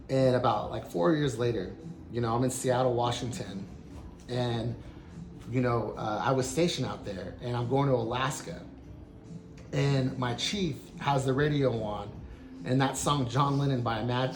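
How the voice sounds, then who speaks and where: Male host, mid-pitched, casual rambling talker, echoey room. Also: background noise. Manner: rambling, full of "you know" and "like". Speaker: meditation session host. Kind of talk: casual storytelling and reflection. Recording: roomy echo, faint background ambience.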